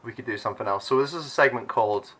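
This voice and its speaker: A man's voice: medium pitch, rapid-fire, a bit bright, husky, rough recording. A man hosting a youth livestream, chatty and upbeat, laughing often. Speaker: youth leader and stream host. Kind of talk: casual chat.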